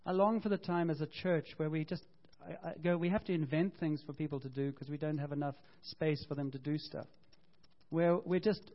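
Lively pastor preaching, lo-fi sound. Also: male voice, fairly high pitch. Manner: animated storytelling with voiced quotes and self-corrections. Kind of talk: sermon. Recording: dull lo-fi sound.

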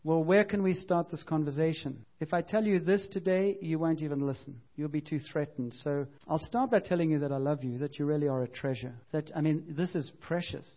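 A preacher voicing a gentle, tender Jesus. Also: male voice, a little high, brisk, few pauses, dull audio. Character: Jesus, gentle loving male divine speaker.

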